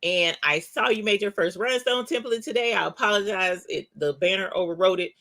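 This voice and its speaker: A woman's voice: mid-range voice, brisk, a bit bright. A woman hosting a casual live crafting tutorial, chatty and folksy, talking straight to her viewers. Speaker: crafting livestream host.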